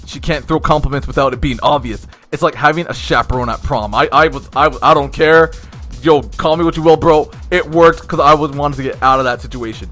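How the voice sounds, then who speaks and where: A young man telling a slangy, animated story-time tale of office drama, swinging between loud bursts and hushed asides. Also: medium pitch, fairly quick, faint music behind.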